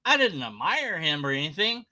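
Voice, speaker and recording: A man's voice: fairly high pitch, big pitch swings, normal speed, bright, forceful tone, no echo, rough recording. A man ranting sarcastically in a reaction commentary, exasperated and swearing, sometimes trailing off into muttered asides. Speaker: video commentator.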